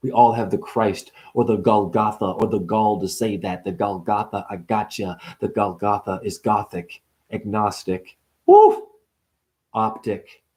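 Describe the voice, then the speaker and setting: A man's voice: on the low side, steady tone, a little mellow. Man riffing profane spiritual wordplay. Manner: rapid free-associating punning, profane, laughing, preachy. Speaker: spiritual vlogger. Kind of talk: rambling spiritual wordplay monologue.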